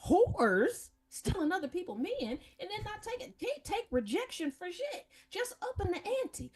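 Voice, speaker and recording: A woman's voice: extremely high pitch, normal speed, hardly any pauses. A woman, probably in her fifties, hosting a casual chat and telling blunt, profane family stories. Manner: profane, blunt, animated storytelling with mocking voices. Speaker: podcast host.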